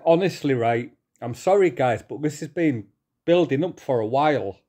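A middle-aged man ranting angrily to his viewers, swearing, repeating himself and pausing to calm down. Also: mid-range voice. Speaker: vlogger. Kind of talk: angry rant to camera.

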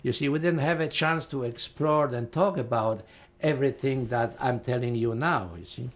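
An older man with a Polish accent, a Holocaust survivor recalling his life in a halting, rambling way full of fillers. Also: medium pitch. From Poland. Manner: rambling, halting, with frequent fillers and repeated words. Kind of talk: oral history testimony.

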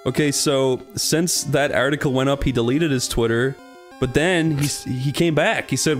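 A man's voice: medium pitch, normal speed, faint music behind. A man in casual chat among friends, amused, telling a story and reading posts aloud. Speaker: lets play host.

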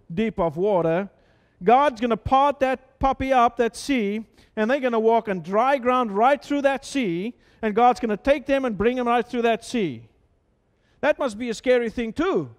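A man preaching a sermon in a conversational style, full of repeated words and rhetorical questions, sometimes dropping to a soft, hushed voice. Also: sits high, big-room sound. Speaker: pastor. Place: church sanctuary.

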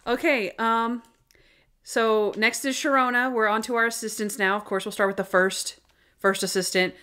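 A woman co-hosting a podcast in casual chat, animated and laughing often as she retells favorite scenes. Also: on the high side, moderate pace, clear, resonant tone. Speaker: podcast co-host.

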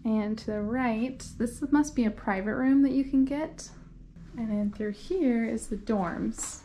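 A woman's voice: on the high side, darkish tone, a little hiss or hum. A young woman talking casually through a travel vlog, upbeat and chatty, often laughing while she walks around outdoors. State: out of breath while walking uphill. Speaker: travel vlogger. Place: outdoors and in a small town, walking. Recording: music playing behind her voice.

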